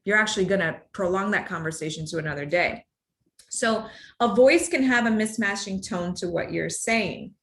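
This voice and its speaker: A woman's voice: medium pitch, moderate pace, a bit bright. A woman with children, presenting a workplace workshop on difficult conversations in a conversational way. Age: adult, parent of children. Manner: conversational, demonstrates tones with exaggerated acted examples.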